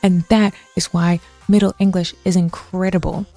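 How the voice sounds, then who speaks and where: A woman's voice: lowish voice, flat delivery, moderate pace, dark tone, soft background music. A woman streamer ranting casually about history, chatty and swearing, answering her chat as she goes.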